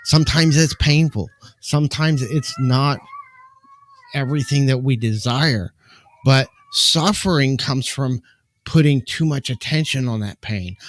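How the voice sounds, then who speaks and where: A man hosting a live stream from home, giving a calm, earnest and measured reflective spiritual talk into a microphone. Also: mid-range voice, no room sound. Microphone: desk microphone.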